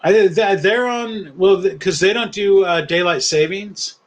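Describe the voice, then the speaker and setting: A male guest in relaxed conversation, his voice sitting slightly high. He rambles and keeps correcting himself as he works through his thoughts. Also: a little slow. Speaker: podcast guest. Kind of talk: casual chat.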